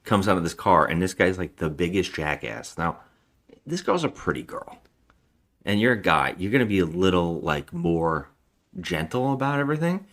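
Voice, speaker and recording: A man co-hosting a casual film podcast, retelling scenes and acting out character lines in an animated way. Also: sits low, normal speed. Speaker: podcast co-host. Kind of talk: casual chat about a film.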